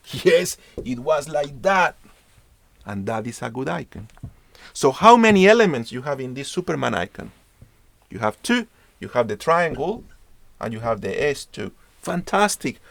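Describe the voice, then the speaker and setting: Lively gravelly man teaching branding. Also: medium pitch, no echo. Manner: emphatic, repeats key points; acts out dialogues with friends. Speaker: branding lecturer. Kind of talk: online business class.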